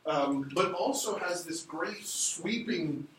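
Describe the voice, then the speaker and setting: A man's voice: on the high side, slow, a bit bright. A middle-aged man lectures a class in a casual, rambling way, with lots of ums and restarted phrases. He is picked up from across the room, so his voice sounds distant and reverberant, with a faint hum of room noise under it. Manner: casual, digressive, many fillers and restarts. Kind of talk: university lecture. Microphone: recorded from a distance in the room. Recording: roomy echo from a distant mic.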